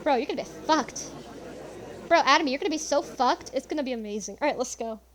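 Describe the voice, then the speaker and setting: A woman's voice: sits high, fast, a bit bright. A woman gaming streamer giving casual, self-deprecating commentary and swearing freely. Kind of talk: casual let's-play commentary.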